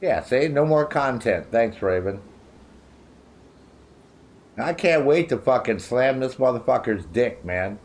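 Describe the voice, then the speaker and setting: A man's voice: mid-range voice, lively intonation, unhurried, pauses often, a little mellow. A man in his sixties streaming a video game, ranting angrily and swearing constantly at rivals who kicked him off their chat. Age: 60s. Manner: angry, profane, ranting; mimics others in mocking voices. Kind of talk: profane live-stream rant.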